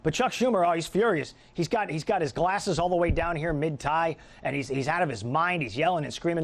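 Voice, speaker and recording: A man's voice: fairly high pitch, a little fast. A middle-aged man hosting a political talk radio show, delivering a combative, sarcastic monologue.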